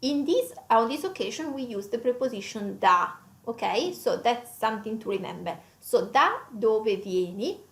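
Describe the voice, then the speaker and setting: Italian-accented female teacher-host, animated delivery, echoey room. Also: fairly high pitch. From Italy. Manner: lively, drawn-out teaching delivery with slow repetitions. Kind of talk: language lesson.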